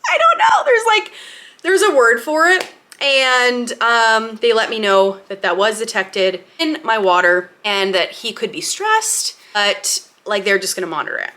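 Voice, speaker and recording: A young woman speaks to camera in a bright, ringing voice, her tone crisp and forward. She tells her story casually and candidly, laughing often and acting out what people said along the way. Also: on the high side, measured pace. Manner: chatty and candid, laughing often, with lively acted-out quotes. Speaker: lifestyle vlogger.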